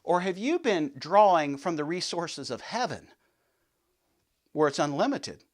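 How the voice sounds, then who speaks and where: Animated man preaching a devotional. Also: a little high, a little slow. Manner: animated, swings between loud and hushed; peppers talk with "you know what I'm saying" and "okay". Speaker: men's ministry host.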